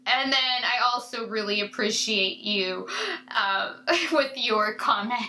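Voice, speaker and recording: A woman's voice: fairly high pitch, slow, pushed and bright, a little hiss or hum, low-quality recording. A woman beauty vlogger chatting casually to her viewers in a rambling way, with many fillers and asides. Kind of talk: casual chat to camera.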